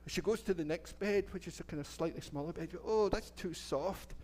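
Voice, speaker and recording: A man's voice: a little high, racing, a little hiss or hum. A middle-aged Scottish man, a minister, telling a children's story in church in a chatty, playful way and asking the children questions. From Scotland. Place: church sanctuary.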